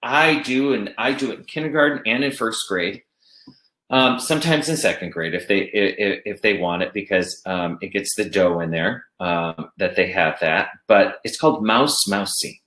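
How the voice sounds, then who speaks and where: A man's voice: lowish voice, expressive, normal speed, bright, forceful tone. A man, a music teacher, giving an online workshop that explains classroom games and speaks chants in rhythm. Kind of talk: online teacher-training presentation. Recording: echoey room.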